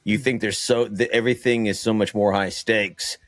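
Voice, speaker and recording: Male co-host, lower voice, careful and hedged; dry mic. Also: fairly even intonation, moderate pace, fairly bright tone, dry recording. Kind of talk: casual chat.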